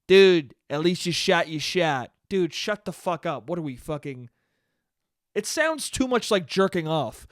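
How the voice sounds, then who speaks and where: A young man rambling through a story on his own podcast, swearing freely and getting worked up as he goes. His voice sits a little higher than most men's, and the sound is close and dry with no room around it. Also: measured pace, dry recording. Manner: profane, animated storytelling with bursts of laughter. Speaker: podcast host. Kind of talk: casual solo podcast monologue.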